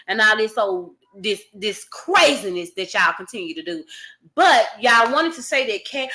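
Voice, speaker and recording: A woman's voice: on the high side, animated, normal speed, pushed and bright. A woman vlogger giving casual, indignant news commentary, reading an article aloud and ranting with emphasis.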